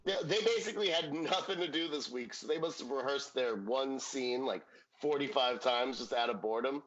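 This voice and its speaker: A man's voice: medium pitch, normal speed, a bit bright, muffled recording. A man co-hosting a podcast, chatting casually and jokingly about a sitcom episode and swearing now and then. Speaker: podcast co-host. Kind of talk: casual chat recapping a sitcom.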